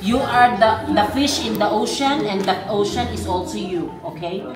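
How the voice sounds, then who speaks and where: A woman's voice: mid-range voice, moderate pace, a loud crowd. A woman with a Filipino accent hosting a playful family vlog, teasing and coaxing like a mock-serious judge. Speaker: vlog host and mother. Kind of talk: playful family vlog chat mixing English and Tagalog. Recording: roomy echo with loud background music.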